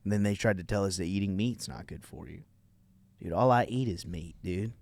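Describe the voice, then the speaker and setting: A man's voice: low-pitched, fairly quick, creaky, darkish tone. A young man hosting a comedy podcast, rambling crudely in laid-back casual chat. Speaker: podcast host.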